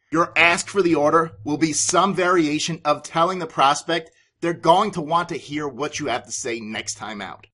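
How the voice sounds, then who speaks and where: Man, podcast host, sales coach, forceful bright voice, emphatic delivery. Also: a little high. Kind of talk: scripted business advice podcast.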